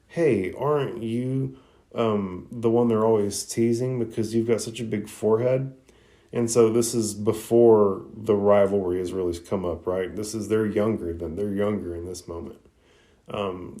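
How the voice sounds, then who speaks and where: A man's voice: fairly low pitch, mellow. A man hosting a podcast, giving a casual, conversational recap with fillers and blunt asides. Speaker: podcast host reviewing an anime episode.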